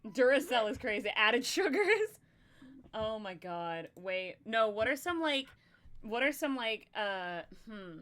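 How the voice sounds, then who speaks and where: A woman in relaxed, giggly conversation, thinking out loud and circling her ideas with plenty of filler words. Her voice sits at an ordinary middle pitch for a woman. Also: a little slow. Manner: giggly, rambling, heavy "like" filler. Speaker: podcast co-host. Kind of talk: casual brainstorming chat.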